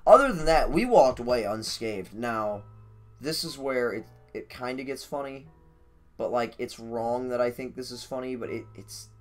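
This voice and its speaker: A man's voice: medium pitch, expressive, moderate pace, soft background music. Profane, rambling male storyteller. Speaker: streamer. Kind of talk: casual storytelling.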